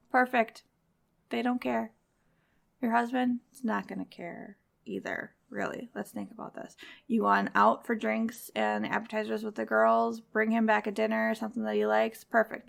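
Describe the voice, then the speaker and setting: A woman with a slightly high, heavily gravelly voice gives a motivational talk to mothers. She speaks directly and conversationally, nudging her listeners along with encouragement. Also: level tone, normal speed. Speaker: podcast host.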